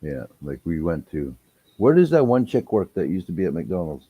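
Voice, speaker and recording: A livestream guest chats casually, his deep, husky voice swinging widely in pitch at a moderate pace over dull audio. He tells profanity-laced stories, laughing as he teases.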